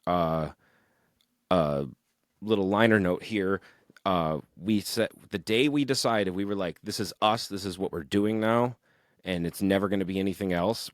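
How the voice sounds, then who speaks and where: A young man with a very low voice tells long, rambling stories about his band in a casual podcast chat. He talks animatedly and swears often. The sound is dry and close, with no room echo. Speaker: musician guest.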